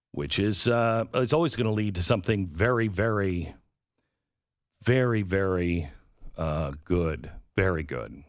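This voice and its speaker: Sarcastic talk-show man, lively pitch. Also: no echo, studio quality. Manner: sarcastic, acts out quoted voices. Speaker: radio show host. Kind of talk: political talk commentary.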